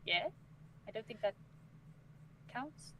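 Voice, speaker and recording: A woman playing in a tabletop game, answering in a quiet, earnest way. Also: medium pitch, animated, slow, lo-fi sound, slight background noise. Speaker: player. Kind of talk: casual chat at a tabletop game.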